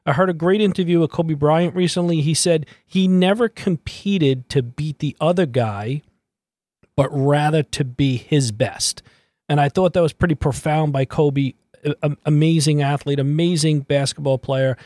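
A man's voice: fairly high pitch, moderate pace, a little mellow, no echo. A man hosting his own motivational podcast as a mindset coach, talking emphatically and repeating key phrases for emphasis.

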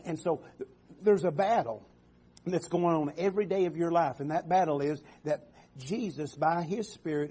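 A male preacher delivers a sermon, stopping and restarting his phrases and calling out for amens. His voice sits a little high and sounds husky and warm. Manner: halting, repeats words, calls for amens.

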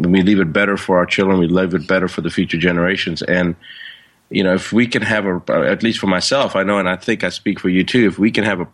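A male physician talks in a low voice with earnest reflection. His delivery is measured and sincere, as a seminar organizer on a talk show. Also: fairly bright tone.

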